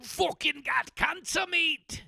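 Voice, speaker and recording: A desperate, crude English bloke, put on by a man, yells in a loud, strained voice pushed well above his normal register. The exaggerated accent is broad and mocking, and the voice is dry and close to the mic. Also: extremely high pitch, slow pace, creaky, dry recording, voice pushed up, exaggerated voice. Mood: shouting. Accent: mock English. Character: shouting English male boyfriend, crude and desperate.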